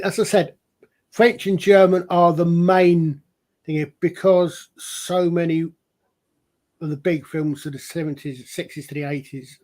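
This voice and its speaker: As a podcast co-host on a casual chat show, a man with a higher-pitched voice and dark tone explains things at length, rambling as if telling a story.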